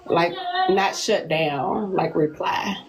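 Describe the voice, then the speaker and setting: A woman answers questions as a dating show contestant. She speaks slowly and haltingly, with many pauses. Her manner is casual. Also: fairly low pitch, gravelly, noisy background. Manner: hesitant, halting.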